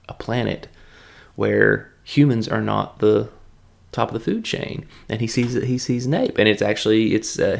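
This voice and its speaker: A man's voice: lowish voice, vocal fry. A man hosting a casual film review, talking in a rambling, joking way with many fillers.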